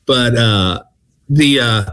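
A man's voice: mid-range voice, smooth. Laughing older man telling a story. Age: 60s. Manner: laughing, halting, animated storyteller. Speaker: comedian guest. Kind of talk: casual radio interview storytelling. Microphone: phone call-in.

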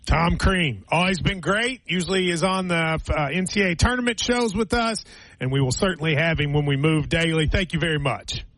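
A man's voice: fairly high pitch, a little fast, fairly bright tone, no echo. A man from the American South hosting sports radio, teasing his co-host and callers in casual chat. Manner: teasing, bantering.

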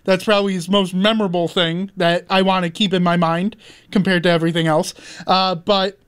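Man, sports radio co-host, hesitant, high smooth voice. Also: flat delivery, fairly quick, fairly bright tone. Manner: hesitant, restarts phrases. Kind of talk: casual studio chat.

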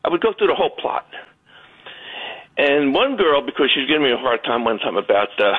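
A man's voice: mid-range voice, a little fast, slightly rough. A man, calling in to a radio show and telling stories, acting out the voices of the people in them. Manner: animated, acts out voices in his stories. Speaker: radio caller. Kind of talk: storytelling phone call. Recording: tinny phone line.

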